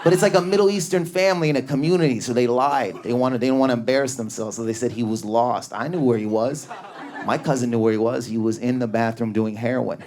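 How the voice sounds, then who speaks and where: A man performing stand-up comedy in a club, telling stories in an animated way and acting out his family members. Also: medium pitch, fast. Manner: animated storytelling, acts out family members, grows loud and excited.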